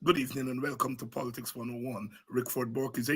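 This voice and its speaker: A man's voice: mid-range voice, flat delivery, fast talker, a bit bright, husky. A man with a Guyanese Creole accent giving fiery, preaching political commentary as a show host, repeating himself and sliding into Creole.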